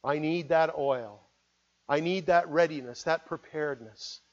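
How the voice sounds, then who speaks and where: This unhurried, high-voiced pastor gives an earnest sermon that swells into loud appeals and then sinks to a hush. The audio comes across as dull and lo-fi.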